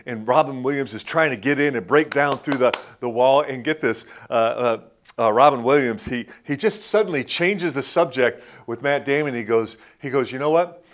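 A man delivers a sermon in a relaxed, conversational style, with a voice that sits at an ordinary middle pitch. He often sinks into soft, hushed tones when he gets to the heart of his point. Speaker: pastor.

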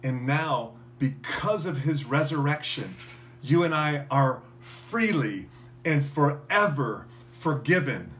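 Slowly and expressively, in a voice on the high side, a man delivers a sermon as pastor. His earnest preaching stumbles through fillers and restarts, climbs to forceful high points, then settles into a quiet ending.

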